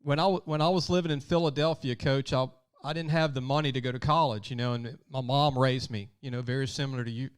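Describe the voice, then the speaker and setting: A man's voice: medium pitch, steady tone, fast talker, hardly any pauses, clean tone. A man hosting a sports podcast, chatting casually and telling personal anecdotes. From Louisiana. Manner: chatty, tells personal anecdotes, laughs easily. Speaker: podcast host. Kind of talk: casual interview chat.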